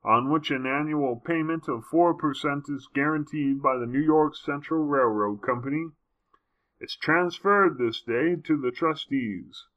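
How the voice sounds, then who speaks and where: A man putting on a pompous noble voice to read an old marriage contract aloud, slow and stately. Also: fairly bright tone, highs cut off. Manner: slow, stately, raised pitch.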